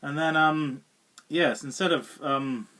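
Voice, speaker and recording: A man whose voice is a little higher than average gives a casual, meandering spoken film review, chuckling often and stumbling over fillers and restarts. He speaks slowly in a sharp tone. Sitting some distance from the mic, he sounds far away.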